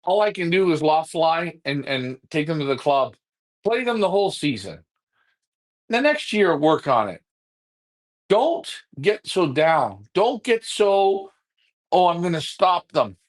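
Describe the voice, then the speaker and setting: A man's voice: fairly high pitch, very animated, unhurried. A man, co-hosting a live pigeon-club stream, ranting bluntly and repeating himself when fired up. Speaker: pigeon racing club co-host.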